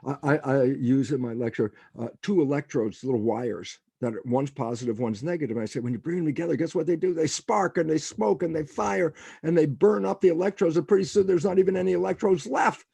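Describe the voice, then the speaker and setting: An older man speaks in a slightly high but dark, mellow voice with a gravelly edge. He tells his stories with animation and acts out what people said. The sound is dry and close. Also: a little fast, few pauses, no room sound. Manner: animated storyteller, acts out quotes. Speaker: guest scientist. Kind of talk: storytelling in a podcast interview.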